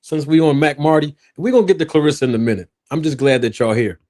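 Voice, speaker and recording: A man's voice: a little high, fast. A man hosting a live stream, joking and talking straight to his viewers into his own microphone. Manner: animated, joking, talks straight to his chat. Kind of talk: casual live stream chat.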